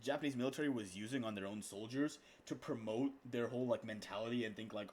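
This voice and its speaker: A man's voice: mid-range voice, expressive. A young man streaming his reaction to a video, talking casually in slang with emphatic repetitions. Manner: slangy, repeats himself, drawn-out emphatic asides.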